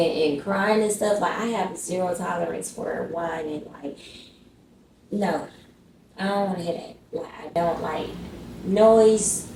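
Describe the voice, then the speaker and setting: A woman's voice: fairly low pitch, reverberant, far from the mic, noisy background. A woman vlogger telling a casual storytime, chatty and slangy, talking straight to her viewers.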